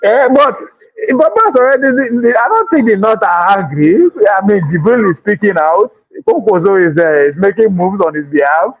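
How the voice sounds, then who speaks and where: A man with a Nigerian accent giving excitable political commentary, laughing and exclaiming often and slipping into pidgin. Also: high-pitched, moderate pace, breathy edge, dry recording, muffled recording. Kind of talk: animated political chat.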